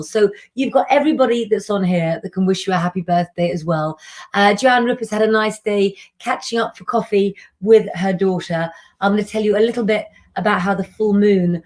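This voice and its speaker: A woman hosting a casual astrology livestream, chatty and affectionate, calling viewers darling and honey. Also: medium pitch. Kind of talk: casual live-stream chat.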